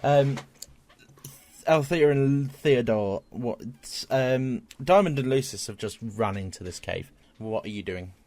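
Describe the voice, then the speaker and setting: A man's voice: mid-range voice, slow pace, a little mellow. A man narrating a tabletop game as game master, stumbling over fillers and repeated words.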